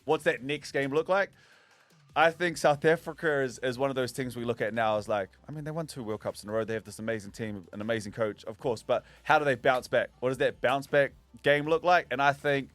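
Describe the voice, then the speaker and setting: A man with a New Zealand accent giving his sports picks in an animated, chatty way. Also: medium pitch, brisk, dry recording, soft background music. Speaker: podcast co-host. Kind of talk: casual sports chat.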